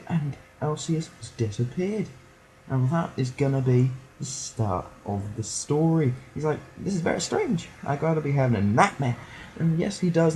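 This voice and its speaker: A man's voice: mid-range voice, mellow. A teenage boy, rambling and joking through a let's play commentary. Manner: rambling, joking, does silly voices for game characters. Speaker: gameplay commentator. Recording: poor audio, slightly distant at times.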